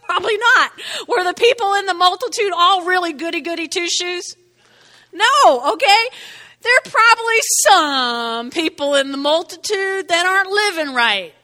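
Woman pastor, high lively voice, chatty sermon delivery, hall echo. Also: normal speed. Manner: conversational, keeps asking "okay?".

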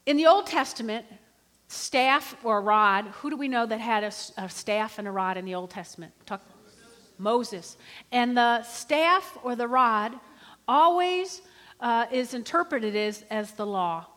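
A middle-aged woman delivers a sermon in an animated, conversational style, frequently calling on the congregation to respond. Her voice is on the high side and unhurried, recorded in a reverberant hall.

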